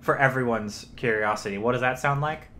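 Bright-voiced male podcast co-host. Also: mid-range voice, brisk. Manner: earnest riffing, thinking aloud with fillers. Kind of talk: casual comedic banter.

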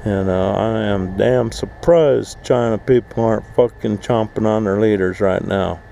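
Slow, gravelly man for an angry, swear-heavy outdoor rant. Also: on the low side, dark tone, slight background noise, poor audio. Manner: angry, swearing, mocking voices. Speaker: vlogger, full-time RVer. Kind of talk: profane rant to camera. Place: outdoors at an RV park.

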